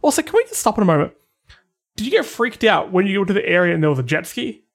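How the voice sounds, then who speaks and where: A man's voice: high voice, very animated, quick pace, gravelly. An Australian man hosting a casual podcast chat, asking jokey questions and teasing his guest. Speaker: podcast host.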